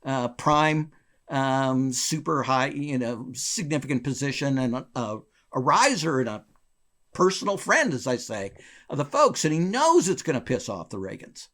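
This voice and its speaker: A man being interviewed, a former bank regulator telling a long story in a lively, chuckling way with wide swings in his voice. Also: a little slow. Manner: animated, wide pitch swings, chuckles between phrases.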